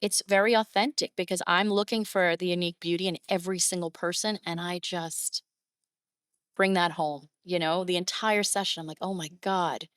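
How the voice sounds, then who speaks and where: Animated woman telling stories, lower voice. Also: normal speed, clear, resonant tone, no echo. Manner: warm, emotive, animated when quoting clients. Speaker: boudoir photographer, guest. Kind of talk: conversational interview storytelling.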